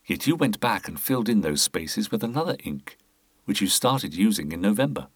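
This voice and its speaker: Man reading as a cool-headed inspector, low voice, pressing questions. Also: normal speed, breathy edge, no echo. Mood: probing. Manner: calm, pointed questioning. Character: probing, measured male police inspector. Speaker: detective.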